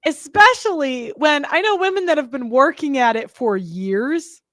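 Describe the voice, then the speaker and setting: A woman's voice: high-pitched, animated, normal speed, a bit bright, no room sound, clean studio sound. A young woman hosting a podcast, talking in a blunt, rambling, casual way with lots of fillers and restarts. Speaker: podcast host. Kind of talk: casual opinionated monologue.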